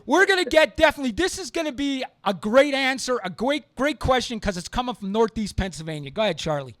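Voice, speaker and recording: A former police officer hosts a call-in talk show, speaking with a very high voice for a man. He is emphatic and hammers his points by saying them twice. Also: animated, fast, a bit bright, no room sound. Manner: emphatic, repeats points for stress. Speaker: radio show host.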